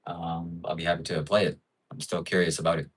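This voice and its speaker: A man's voice: sits low, little pitch movement, fairly quick, breathy edge, distant mic, rough recording. A man hosting a livestream in casual chat, musing and rambling with frequent fillers. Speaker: livestream host.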